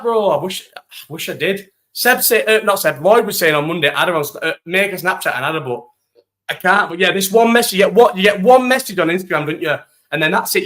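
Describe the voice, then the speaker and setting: A young man telling an animated, swear-filled story while chatting to a live stream audience. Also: fairly high pitch. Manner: animated, swears freely, talks to live chat. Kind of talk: casual storytelling chat.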